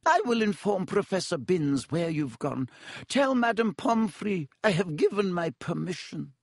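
Brief: man voicing a stern older woman teacher, prim and clipped, high, dry read. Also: lively intonation, a little slow, gravelly, no echo, heavily acted. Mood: moved. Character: stern, strict older female professor. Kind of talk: audiobook character voice.

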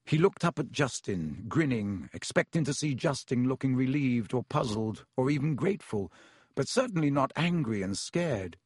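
A man narrating an audiobook in a measured storytelling manner. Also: medium pitch, very animated, slightly rough, dry recording, studio quality. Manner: measured storytelling with voiced characters.

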